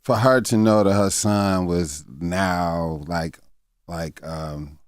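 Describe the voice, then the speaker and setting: Man in his fifties, very low voice, dry close studio sound, halting and reflective, lots of fillers, candid interview guest. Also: steady tone, dry recording. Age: 50s. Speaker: guest comedian.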